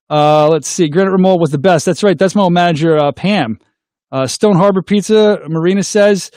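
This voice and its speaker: A middle-aged man, hosting a casual call-in show, goofy and excitable, making silly sound effects. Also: high voice, no room sound, studio quality. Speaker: host of a call-in livestream show.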